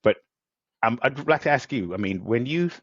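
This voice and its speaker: A man's voice: medium pitch, expressive, moderate pace, husky, no echo, highs cut off. A male podcast host in a conversational interview, talking at length with enthusiasm and acting out quotes as he goes. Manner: enthusiastic, rambling, acts out quotes.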